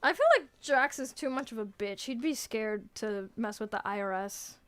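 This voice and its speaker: A young woman streams to her viewers in a loose, teasing chat, breaking into laughs and restarting her sentences. Her voice sits high and sounds bright and clean. She answers her chat playfully and keeps the talk rolling. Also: normal speed, smooth, soft background music. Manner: chatty, self-interrupting, laughs often. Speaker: VTuber streamer.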